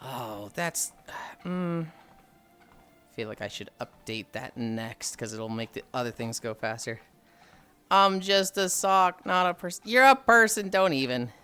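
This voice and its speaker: A streamer chatting with viewers in an easy, rambling way, often sighing and laughing between stories. The voice is bright and crisp, and faint music plays behind. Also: medium pitch, animated, a little slow. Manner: chatty storytelling, frequent sighs and laughs. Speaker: livestreamer. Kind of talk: casual live-stream chat.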